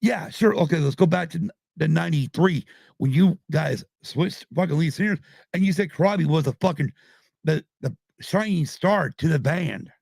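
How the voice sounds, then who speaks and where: A man's voice: fairly high pitch, moderate pace, vocal fry, darkish tone, dry recording, clean studio sound. A man in his fifties, a podcast host, ranting angrily with heavy swearing on a live stream. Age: 50s. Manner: angry, swearing, heated. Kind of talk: profane live-stream rant.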